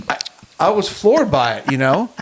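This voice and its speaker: A middle-aged man co-hosting a casual podcast, telling an animated travel story with chuckles. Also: on the high side, measured pace, slight background noise. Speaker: podcast co-host. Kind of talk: casual chat.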